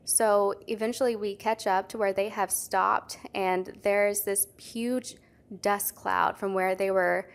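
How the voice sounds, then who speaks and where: A young adult woman, a podcast co-host, telling a story in casual chat, full of "like" fillers. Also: mid-range voice. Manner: chatty, lots of "like" fillers.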